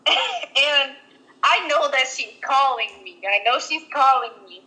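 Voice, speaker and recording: High, bright young woman telling a story. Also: expressive, unhurried, rough recording. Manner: rambling, many "like" fillers and restarts. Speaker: podcast co-host. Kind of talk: casual storytelling chat.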